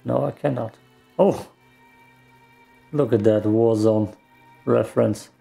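A man mutters his way through a game in slow, casual commentary, with mild swearing here and there. His voice is heavily gravelly and dark, and faint music plays behind him. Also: lowish voice. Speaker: gaming streamer.

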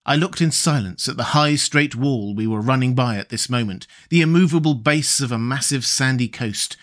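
Narrating a classic adventure novel as an audiobook, this man keeps his delivery steady and measured. His voice falls in the medium range, and the narration is scripted.

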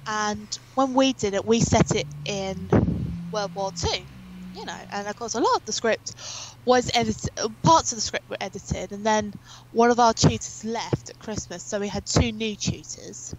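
A woman's voice: medium pitch, low-quality recording. Chatty young woman telling long stories. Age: young adult. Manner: rambling, chatty storytelling with many fillers. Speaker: interview guest. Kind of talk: casual chat.

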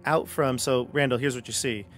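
A man's voice: mid-range voice, steady tone, a little fast, faint music behind. Jokey man running a tabletop game. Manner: jokey, rambling, many fillers. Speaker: game master.

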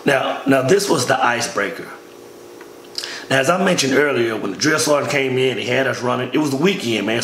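The creaky, mid-range voice of a man carries a long, relaxed story about army training, told in slang with "man" said constantly to the listener. Echo and faint noise color the recording.

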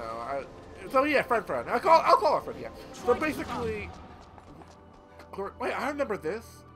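Excitable guy yelling at a game he's playing, voice all over the place, music blaring behind. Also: sits high, low-quality recording. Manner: excitable, rambling, swears loudly at the game. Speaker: gameplay streamer. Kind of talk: casual gameplay commentary. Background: game music and sound effects.

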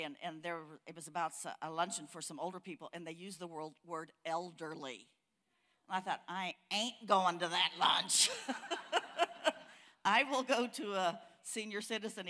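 A woman's voice: on the low side, fairly bright tone. An older woman preaching a sermon at a church conference, folksy and storytelling, building to fiery emphasis. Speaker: conference speaker.

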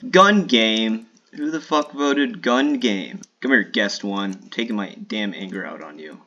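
A man streaming a shooter game in casual live commentary, swearing and trash-talking opponents with sudden excited outbursts. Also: on the low side, measured pace, muffled recording.

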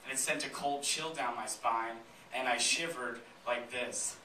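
A man performing a stand-up comedy set on a theater stage, telling deadpan stories with sudden loud punchlines while the audience laughs. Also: mid-range voice, measured pace. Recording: roomy, distant, noisy live club recording.

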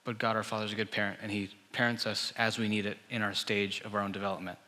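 A man's voice: fairly low pitch, little pitch movement, quick pace, bright, forceful tone. A male pastor giving a sermon in a conversational style, full of rhetorical questions. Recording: church hall with long reverb.

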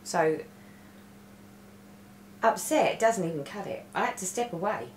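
A woman's voice: fairly low pitch, animated, a little slow, a little hiss or hum. A middle-aged woman chatting casually about her stitching, telling a rambling story with lots of restarts. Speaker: cross-stitch vlogger. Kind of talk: casual stitch-along chat. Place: room at home. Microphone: webcam. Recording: roomy echo.

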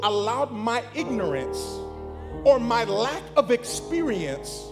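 A pastor preaching an animated sermon to his congregation, calling out to the room. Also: extremely high pitch, long reverb tail.

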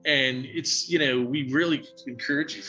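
Guy talking casual, really bright voice, lots of ums and restarts, bit of music faint behind. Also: mid-range voice, fairly even intonation, lo-fi sound. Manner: halting, many fillers and restarts, emotional. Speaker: psychic medium guest. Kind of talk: casual interview storytelling.

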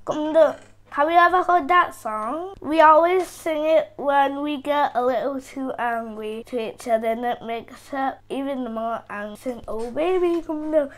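A woman's voice: sits high, measured pace, few pauses, a bit bright. A woman giving casual gameplay commentary, chattering to herself, easily startled and repeating phrases over and over. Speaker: gaming channel host.

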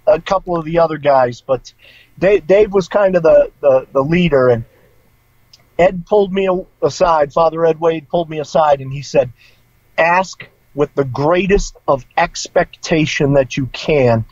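A man's voice: a little high, unhurried, darkish tone, no echo. A middle-aged man, a former priest, telling his personal story in a casual interview, informal and emotional. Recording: dull lo-fi sound.

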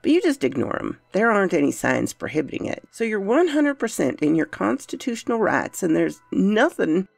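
A blunt, folksy Southern pawn shop clerk, put on by a woman narrator, with a thick drawl. He talks plainly and bounces all over in pitch. The voice has a gravelly grain and sits in a dry, close space with soft music under it. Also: big pitch swings, moderate pace, hardly any pauses, dry recording. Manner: blunt, folksy, drops to a hushed warning. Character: wary middle-aged Southern male pawn shop clerk.

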